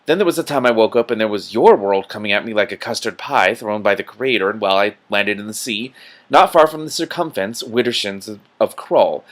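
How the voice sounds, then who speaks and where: A courteous, sorrowful male water troll from a storybook, as a man puts him on while reading aloud. He speaks mildly and with measured calm, in a lowish, soft voice that sounds a touch gloomy. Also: natural voice.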